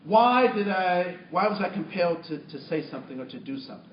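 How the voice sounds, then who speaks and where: A man leads a training workshop, telling a story in an animated way and acting out his own lines with many restarts. His voice sits high. The sound is distant and roomy, a little muffled. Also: brisk, noisy background. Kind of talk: storytelling talk to a workshop audience. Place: training room with audience.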